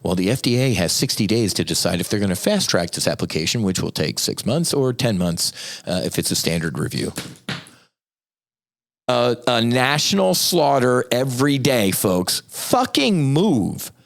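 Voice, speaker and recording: A man with a somewhat low voice, speaking as a podcast guest and nonprofit founder. He rants in a profane, rambling way and slips sarcastic asides into his argument. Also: animated, moderate pace, vocal fry. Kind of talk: impassioned podcast rant.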